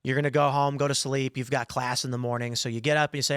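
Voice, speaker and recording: A man hosting a podcast, telling stories in an animated way and acting out the voices in them. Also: mid-range voice, fast, smooth, no echo, clean studio sound. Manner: animated storyteller, acts out quoted voices. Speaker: podcast host. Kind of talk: casual talk-show chat.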